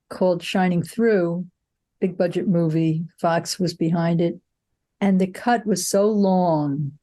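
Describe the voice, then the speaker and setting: An older woman with a low-pitched, mellow voice speaks in a relaxed interview. She tells reflective behind-the-scenes stories with frank, outspoken asides. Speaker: film producer, interview guest. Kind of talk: conversational interview.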